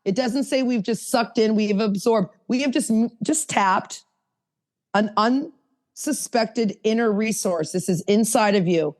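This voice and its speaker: A woman's voice: mid-range voice, measured pace. Chatty woman leading an online workshop. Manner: lively, chatty, coaxing. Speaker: sponsorship workshop teacher. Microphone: video call.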